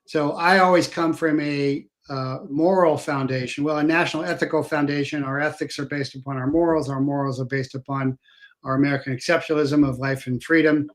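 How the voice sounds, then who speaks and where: A man, a former federal agent, hosting an interview and talking in a hesitant way, with many pauses and fillers. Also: fairly high pitch, fairly even intonation. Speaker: podcast host. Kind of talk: conversational interview.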